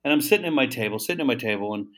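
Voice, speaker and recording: A man of middling pitch tells a long story as an interview guest. He talks about founding his seasoning brand. He acts out the voices of the people in it and often repeats or restarts words. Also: racing. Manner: animated storyteller acting out dialogue.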